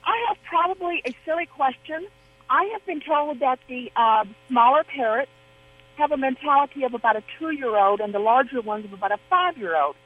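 A woman calls in over a dull, lo-fi phone line. Her voice is husky and a bit rough, and she rambles warmly through her story, backing up and restarting as she talks. The sound is a radio phone-in. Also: high-pitched, expressive, moderate pace. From Arizona, USA. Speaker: caller. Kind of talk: phone-in question. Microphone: telephone.

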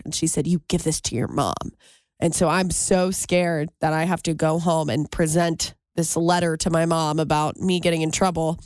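A woman co-hosting a talk show, telling a story in casual chat and jumping into higher voices when she quotes people. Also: no echo. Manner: animated, jumps high when quoting people. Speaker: radio show co-host.

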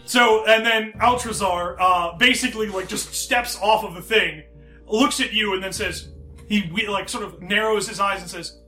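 A man's voice: sits high, moderate pace, bright, forceful tone, faint music behind. A man narrating as game master in a tabletop game, rambling and casual with frequent swearing. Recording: roomy echo.

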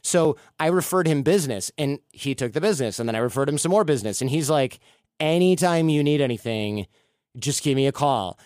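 A man's voice: a little high, animated, fairly quick, a little mellow, no room sound. Male host, storytelling delivery, dry close-mic sound. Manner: storytelling, acts out quoted dialogue. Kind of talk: casual conversational advice.

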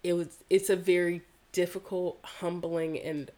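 A woman's voice: lowish voice, flat delivery, measured pace, mellow. A woman from the American South, telling a personal story in an interview, earnest and reflective, with casual swearing. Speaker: yoga practitioner guest.

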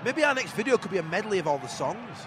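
Excitable high-voiced young football fan. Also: male voice, fast, a loud crowd. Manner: excitable, shouts at the play, argumentative. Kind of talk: live matchday commentary and banter. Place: football stadium stands, outdoors. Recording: noisy outdoor stadium.

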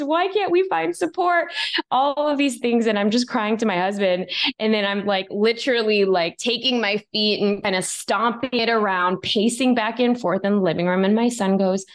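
A woman in her thirties, a guest author telling a story in a podcast interview, acting out the lines she quotes. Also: medium pitch. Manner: animated, acts out her own quoted lines.

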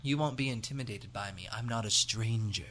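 American guy rambling on a podcast, lots of ums, bright sharp voice. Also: fairly low pitch, a little fast. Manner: rambling, jokey, full of fillers. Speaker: podcast co-host. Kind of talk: casual chat.

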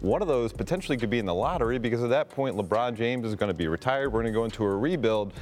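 A man's voice: medium pitch, animated, rapid-fire, a little mellow, faint music behind, lightly acted. A man improvising as a scheming basketball team general manager on a podcast, with wry, laid-back dealmaking banter. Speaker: basketball reporter. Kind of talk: improvised role-play on a podcast.

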